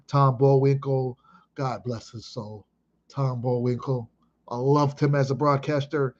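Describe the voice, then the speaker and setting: A man in his thirties from Chicago talks through an old memory, emphatic and full of swearing. His voice sits at a medium pitch. The recording sounds dull and lo-fi. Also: a little slow. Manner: excitable, emphatic, heavy swearing. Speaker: vlogger. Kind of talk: casual reminiscing monologue.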